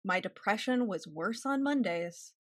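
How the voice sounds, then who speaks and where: A woman's voice: mid-range voice, animated, unhurried, no room sound. Candid woman in her forties, dry sound. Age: 40s. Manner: candid, wry, laughs often. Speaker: therapist, guest author. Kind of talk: casual interview chat.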